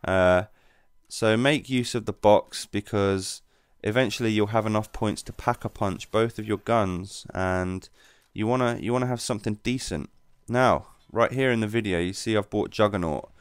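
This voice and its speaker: A man giving relaxed, rambling commentary over his gameplay as the channel's host. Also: fairly low pitch, moderate pace, smooth, no room sound.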